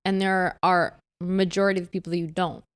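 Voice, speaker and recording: A woman's voice: on the low side, brisk, clear, resonant tone. A young woman co-hosting a podcast, talking candidly and acting out the people in her stories. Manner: candid, animated storyteller who acts out quoted people. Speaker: podcast co-host. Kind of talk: casual chat.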